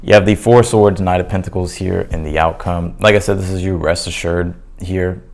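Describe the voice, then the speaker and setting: A man giving a casual tarot reading to his viewers, loose and chatty, full of fillers and restarts, a little hoarse as he says he is losing his voice. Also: low-pitched, steady tone, fairly quick, a little mellow. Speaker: tarot reader.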